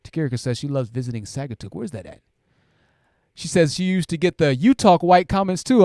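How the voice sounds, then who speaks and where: A man's voice: fairly high pitch, lively intonation, brisk, warm tone, no echo, clean studio sound. A man hosting a livestream, reading viewer comments aloud and chatting about them, often tagging sentences with "right?" and restarting his phrases. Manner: conversational, keeps asking "right?"; self-interrupting restarts, repeats phrases. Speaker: livestream host.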